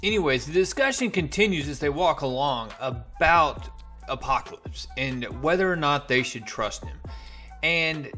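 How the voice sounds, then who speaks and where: A man's voice: mid-range voice, bright, forceful tone. A man casually retelling a comic issue in a loose, chatty way with plenty of fillers and asides. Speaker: comic book reviewer. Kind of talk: casual spoken recap.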